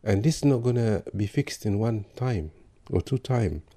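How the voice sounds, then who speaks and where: A man giving calm parenting advice with examples. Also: lowish voice, normal speed. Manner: calm, advisory, gives examples. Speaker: parenting speaker. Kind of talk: talk on parenting.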